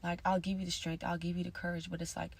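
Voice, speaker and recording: A woman talking in a casual confessional monologue, rambling and slangy with constant fillers, drifting between soft mutters and louder bursts. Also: on the low side, flat delivery, fast, creaky, slightly rough. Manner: rambling, slangy, many "like" and "you feel me". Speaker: vlogger.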